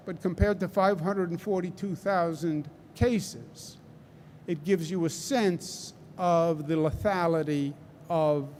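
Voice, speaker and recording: Governor at a press briefing: a man with a Queens accent, a higher voice for a man, speaking slowly and emphatically, hammering home each point. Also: a little mellow, slight background noise. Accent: Queens, New York. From New York. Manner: deliberate and emphatic, repeats key phrases, asks rhetorical "right?". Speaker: state governor.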